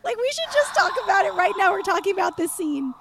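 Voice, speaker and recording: A woman's voice: extremely high pitch, very animated, fast talker, over a noisy crowd. A chatty woman co-hosting a podcast, rambling and laughing as she recaps a TV episode in casual chat. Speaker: podcast co-host.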